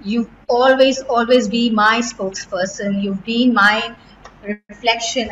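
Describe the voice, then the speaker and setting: A middle-aged woman with an Indian English accent, a school principal giving a heartfelt farewell to graduating students, emotional and close to tears, often pausing and restarting. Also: mid-range voice, bright, forceful tone, slight background noise, poor audio. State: near tears.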